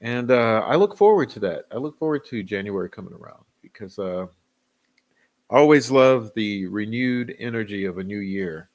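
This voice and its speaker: This man's lowish voice is animated and at normal speed as he hosts a casual livestream. He greets viewers by name from the chat and talks loosely, with chuckles and fillers along the way.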